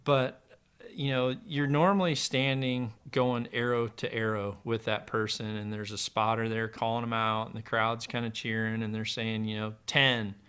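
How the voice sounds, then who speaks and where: A middle-aged man, a former pro archer, telling long relaxed stories with plenty of fillers in a casual podcast conversation. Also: lowish voice, moderate pace, clean tone. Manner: relaxed, rambling anecdotes with many fillers.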